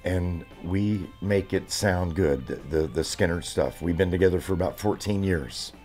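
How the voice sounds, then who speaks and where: Deep-voiced man in his seventies. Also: darkish tone, soft background music. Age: 70s. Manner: rambling, halting with fillers and restarts. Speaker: drummer. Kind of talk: interview.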